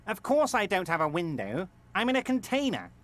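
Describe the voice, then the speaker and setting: An actor playing a smooth-talking, self-important male boss in a video game, falsely reassuring and pompous. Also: sits high, huge pitch swings, brisk, fairly bright tone, exaggerated voice. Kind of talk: video game character acting.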